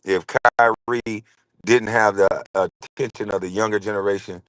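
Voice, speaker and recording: A man's voice: lowish voice, steady tone, moderate pace, fairly bright tone, no room sound, low-quality recording. A man in his forties hosting a casual commentary show, talking in a blunt, rambling and heated way. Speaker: show host.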